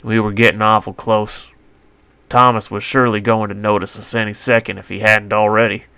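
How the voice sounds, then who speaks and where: A man's voice: fairly low pitch, little pitch movement, brisk, vocal fry, sharp tone, smooth, dry recording. A man narrating his own western story in a folksy, colloquial first-person voice on a close mic.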